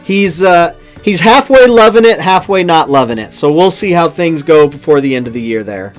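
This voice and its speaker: A man's voice: on the high side, lively intonation, moderate pace, faint music behind. A man in his thirties hosting a casual show, upbeat as he reads out viewer comments. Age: 30s. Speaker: show host.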